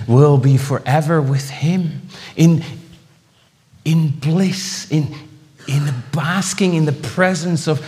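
Impassioned preacher in a reverberant hall. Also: male voice, mid-range voice. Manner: impassioned, swinging from loud exclamations to hushed, drawn-out phrases; repeats words as he builds phrases. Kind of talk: sermon.

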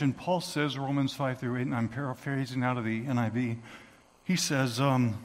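A man preaching a sermon as a story, moving from hushed tones to shouting. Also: mid-range voice, steady tone, moderate pace, long reverb tail. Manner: dramatic, swings from hushed to shouting.

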